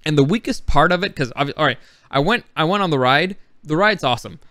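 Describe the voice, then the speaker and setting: A man talks through his travel clips in a loose, rambling way, full of fillers and restarts. His voice is smooth and clear, recorded dry and close with no room sound. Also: on the high side, animated, brisk, sharp tone, no room sound. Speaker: vlogger. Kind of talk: casual rambling commentary on travel footage.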